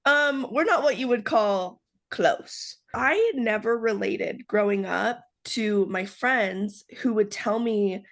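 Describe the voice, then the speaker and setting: A woman's voice: mid-range voice, slow pace, a bit bright. A young woman hosting a podcast in casual chat, bubbly and often laughing as she talks. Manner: giggly, bubbly, laughs while talking. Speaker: podcast host.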